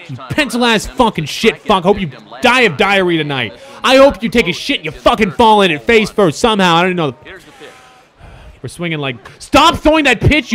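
Male streamer, furious gameplay rant, very high voice, swooping pitch, profane yelling. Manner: shouting, profane, furious outbursts. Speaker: video game streamer. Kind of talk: raging gameplay commentary.

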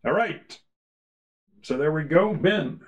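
A man's voice: on the high side, animated, slow, highs cut off. A man walking through a conference audio setup in a casual, chatty way, with fillers and restarts, heard through a ceiling array microphone. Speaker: product demo presenter. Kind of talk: casual product walkthrough. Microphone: ceiling beamforming array mic.

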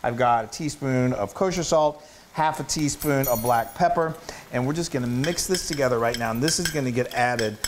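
A man's voice: medium pitch, normal speed, a little hiss or hum. A man co-hosting a home cooking video, explaining steps in playful, jokey banter. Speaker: cooking show co-host. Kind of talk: casual cooking demo chat.

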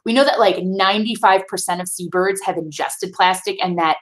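A woman's voice: medium pitch, brisk. A woman with a Midwestern accent, a sustainability expert answering schoolchildren's questions over a video call in a friendly, explanatory way, often checking in with "right?". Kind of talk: answering kids' questions in a virtual classroom.

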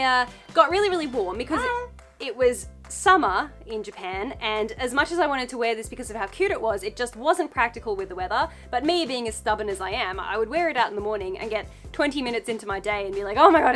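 This young Australian woman, a fashion vlogger, shows off her thrift haul in a casual, gushing, playful chat. Her voice is on the high side and fairly bright.

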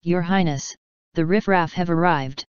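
Woman voicing male chaos spirit, snooty, sneering, mischievous, smooth clear tone, dry close sound. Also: fairly low pitch, measured pace, no room sound, highs cut off, lightly acted.

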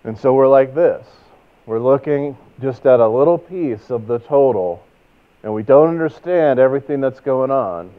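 A man with a Texan accent preaching a sermon in a relaxed, conversational way, telling stories and asking rhetorical questions. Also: mid-range voice, moderate pace. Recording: tinny phone-like sound.

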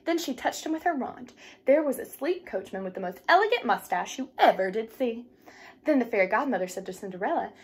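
A woman reads a fairy tale aloud for children. Her voice sits a bit high and moves widely up and down, slowing down or lifting for effect. The tone is gentle and clear. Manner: expressive storytelling. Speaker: storyteller.

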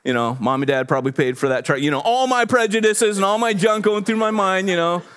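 A man's voice: a little fast, clear, resonant tone. A man in his forties, a pastor telling a personal story in a sermon, conversational and self-deprecating, acting out the voices in his story. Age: 40s. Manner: animated, acts out quotes with big pitch jumps.

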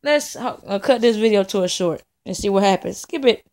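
A woman's voice: mid-range voice, animated, a little fast, darkish tone. A furious young woman, ranting into a camera in her home studio in a profane, repetitive vlog rant. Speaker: vlogger. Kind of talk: angry venting vlog. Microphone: camera in front of her.

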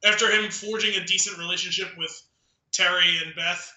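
Casual male podcast co-host, high piercing voice, sits back from the mic in a roomy space. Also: a little fast, recorded from a distance. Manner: animated, acts out movie lines, laughs often. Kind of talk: casual movie discussion.

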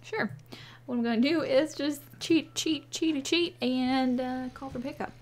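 A chatty woman with a fairly high voice gives casual play-by-play commentary on a horse-riding game. She giggles often and talks to herself, and her voice is slightly hoarse. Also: measured pace. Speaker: gaming YouTuber.

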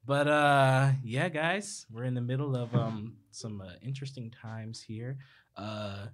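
A man's voice: medium pitch, unhurried. A man hosting a podcast in casual, teasing chat with his co-hosts. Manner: animated, laughing, teasing. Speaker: podcast host.

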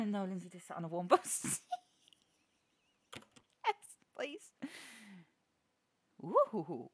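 A woman's voice: lowish voice, huge pitch swings, very slow, long pauses, husky. A young woman streaming a horror game, giggling often, swearing, and talking to her chat. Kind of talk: live-streamed gameplay chatter.

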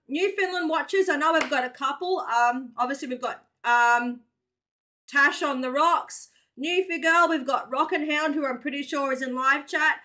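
An Australian woman with a high, bright voice, reacting to a clip in a chatty, slangy way. Her talk is casual and bubbly, full of "mate" and quick guesses. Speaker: reaction video host.

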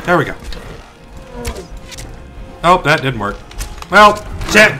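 A young man hosting a let's play, commentating excitably and shouting curses at the game. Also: mid-range voice, fairly quick, pauses often, soft background music. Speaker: gaming channel host.

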